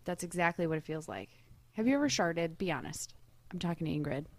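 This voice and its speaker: A woman's voice: on the low side, lively intonation, fairly quick. A woman co-hosting a podcast in casual chat, teasing and laughing often. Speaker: podcast co-host.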